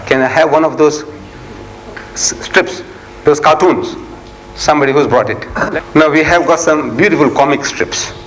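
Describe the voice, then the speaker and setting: A man's voice: a little hiss or hum, low-quality recording. An older man from South Africa giving a religious lecture to an audience, impassioned and full of rhetorical questions. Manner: impassioned, rhetorical questions, rising to high emphatic peaks. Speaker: Islamic preacher.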